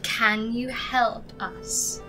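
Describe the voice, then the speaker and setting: A woman playing a sardonic but gentle female half-elf cleric in improvised tabletop role-play, speaking in a dry, coaxing, polite way. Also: fairly high pitch, lively intonation, a little slow, low-quality recording. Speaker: player character. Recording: loud music behind the voice.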